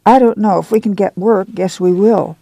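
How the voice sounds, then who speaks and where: A man's voice: sits high, normal speed, vocal fry, no echo, voice pushed up. A man voicing a shy, hesitant young pregnant woman for an audiobook. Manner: soft, hesitant. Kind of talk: audiobook reading.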